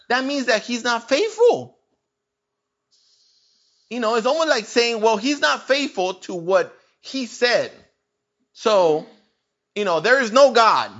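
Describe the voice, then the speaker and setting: A man gives a relaxed, informal sermon in an unhurried way, his voice rising and falling widely. His tone is bright and edged, and he leans on repeated phrases to drive each point home. The recording is muffled and lo-fi. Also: high voice. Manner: animated, repeats phrases for emphasis. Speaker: preacher.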